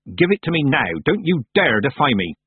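A stern old witch barks short, sharp orders, as a male reader puts her on. Her voice is husky and lively in pitch, heard dry through a narrow, phone-like sound. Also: normal speed, no echo, exaggerated voice. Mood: commanding. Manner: snapping, bossy commands.

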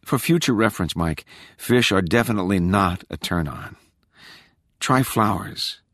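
A man's voice: lowish voice, expressive, measured pace, fairly bright tone, no echo, clean studio sound, exaggerated voice. A man voicing a wry young woman who teases and needles in a sarcastic, exasperated way. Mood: wry teasing.

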